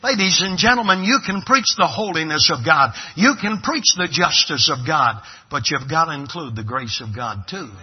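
A man's voice: on the high side, expressive, normal speed, few pauses, breathy edge, highs cut off. A man from Brooklyn preaching a sermon, dramatic and emphatic, acting out little scenes. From Brooklyn, New York. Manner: emphatic, dramatic pulpit delivery with acted-out dialogue.

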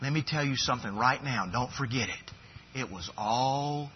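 A man's voice: medium pitch, moderate pace, lo-fi sound, a little hiss or hum. A man preaching a sermon as pastor, building to fervent, emphatic repetitions.

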